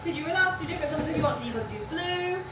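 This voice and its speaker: High-voiced woman teaching children art. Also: expressive, very fast. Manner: patient step-by-step explaining. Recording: echoey room from a distance, music behind.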